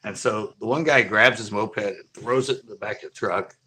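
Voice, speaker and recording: A middle-aged man hosting a fishing channel, telling a long story in a rambling, animated way full of fillers. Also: lowish voice, normal speed. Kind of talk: casual livestream storytelling.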